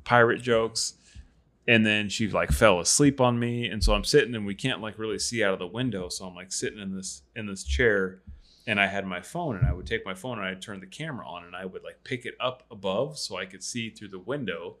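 A man in his thirties casually telling a lively hunting story on a podcast, acting out quotes. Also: lowish voice, a little fast. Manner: animated storyteller, acts out quotes. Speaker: podcast host and hunter.

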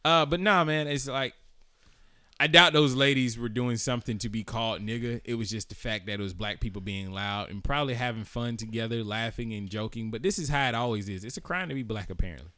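Male podcast co-host, blunt and frank, bright forceful tone, dry sound. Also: mid-range voice, brisk, dry recording. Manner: blunt, joking, then earnest commentary. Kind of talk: casual chat.

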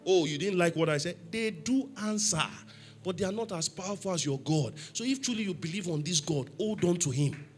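A man's voice: high voice, lively intonation, fairly quick, faint music behind. A man preaching a sermon in church, emphatic, asking the congregation questions for them to answer. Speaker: pastor.

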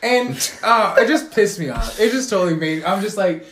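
A man's voice: high-pitched, normal speed. A young man in his twenties co-hosting a casual podcast, telling a story with lots of swearing and acted-out quotes. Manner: profane, animated storytelling with mimicked quotes. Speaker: podcast co-host. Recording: echoey room.

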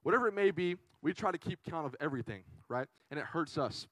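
Lively young man preaching a youth sermon. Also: on the high side, quick pace, no room sound, low-quality recording. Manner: animated, chatty, lots of "right?". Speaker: youth pastor. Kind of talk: casual storytelling sermon.

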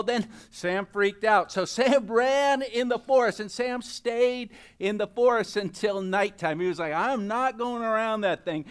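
A man's voice: sits high, smooth. A male pastor preaching a sermon, telling a joke story in a loose, conversational way.

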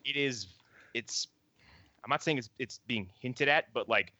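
Bright, dry-voiced man talking comics. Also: mid-range voice, unhurried, dry recording, highs cut off. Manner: animated, acts out quoted characters. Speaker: podcast co-host. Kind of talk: casual podcast chat.

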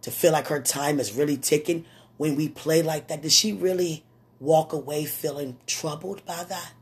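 A preacher voicing a gentle, caring older spiritual mother who prays softly and repeats herself. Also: mid-range voice, moderate pace, close to an everyday voice. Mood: tender, prayerful. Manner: tender, soft-spoken, praying. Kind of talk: retelling a prayer conversation.

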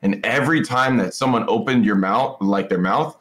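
Slightly low-voiced gamer guy, rambling, profane podcast storyteller. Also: moderate pace, a bit bright. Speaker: esports pro player guest. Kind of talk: casual podcast chat.

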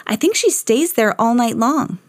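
A woman's voice: on the high side, expressive, measured pace, dry recording, studio quality, voice pushed up. A woman voicing a confident little schoolgirl. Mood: earnest. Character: curious, confident young schoolgirl.

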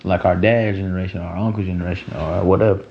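A man's voice: low voice, fairly even intonation, fast talker, gravelly, dull audio, slight background noise. A man in his twenties talking in a loose, rambling monologue full of slang and "you know what I'm saying.". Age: 20s. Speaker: podcast host. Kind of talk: casual monologue.

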